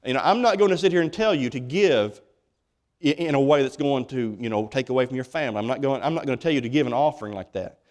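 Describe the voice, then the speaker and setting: With a medium-pitched, darkish voice, a pastor preaches quickly in church. He's folksy and emphatic, repeatedly starting his words over.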